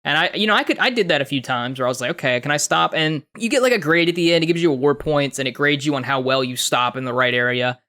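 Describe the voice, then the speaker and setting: A young man co-hosting a casual podcast, his voice bright and a touch high. He tells his story with animated energy, swears freely and mimics voices as he goes. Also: quick pace, few pauses. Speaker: podcast co-host.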